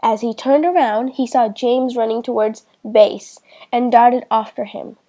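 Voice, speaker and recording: A woman reading a children's storybook aloud in a slow, clear way for beginners. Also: on the high side, fairly even intonation, dark tone. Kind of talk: children's book read-aloud.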